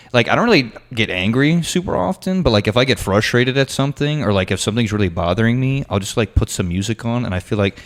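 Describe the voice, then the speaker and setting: A young man co-hosts a laid-back podcast, talking in halting bursts padded with fillers. His pitch jumps up and down lively as he talks. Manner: hesitant, full of likes and trailing thoughts. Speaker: podcast co-host. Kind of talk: casual chat.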